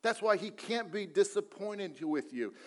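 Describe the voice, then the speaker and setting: A man's voice: high voice, animated, measured pace. A man preaching a sermon to a church congregation, earnest and repetitive, asking rhetorical questions and telling light jokes. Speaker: pastor. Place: church service.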